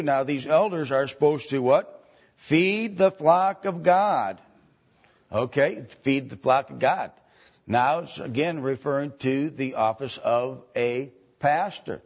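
A man teaching from the Bible in a slow, halting way, with many ums and restarts. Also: fairly high pitch, slightly rough. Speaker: preacher. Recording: dull lo-fi recording.

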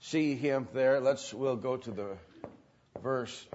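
Male preacher, slow and halting teaching delivery, dull lo-fi recording. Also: mid-range voice, a little mellow, slight background noise. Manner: slow, halting, many fillers. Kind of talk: sermon teaching. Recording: dull lo-fi sound.

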